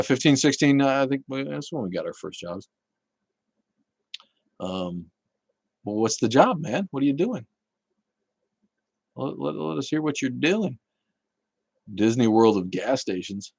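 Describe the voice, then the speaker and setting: A man's voice: lowish voice, darkish tone, husky, dry recording. A man hosting a casual livestream, chatting bluntly with viewers, swearing and laughing often. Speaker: livestream host reading chat.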